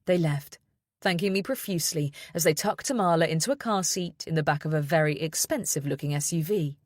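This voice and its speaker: A woman reading a first-person thriller audiobook in a measured, steady way. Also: deep voice, dry recording, studio quality. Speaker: audiobook narrator.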